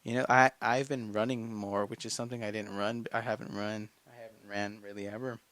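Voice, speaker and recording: A man's voice: on the low side, flat delivery, brisk, a bit bright. A man of nineteen hosting his own podcast alone, giving himself and his listeners a fired-up motivational pep talk, swearing often and repeating phrases. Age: late teens. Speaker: podcast host. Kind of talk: casual solo motivational podcast monologue.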